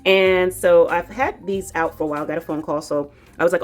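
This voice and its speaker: Cooking-channel host woman, New York accent, deep voice, chatty kitchen rambler, light music underneath. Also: steady tone, fast, hardly any pauses. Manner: chatty and rambling, talks straight to viewers. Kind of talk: casual cooking demo to camera. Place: home kitchen.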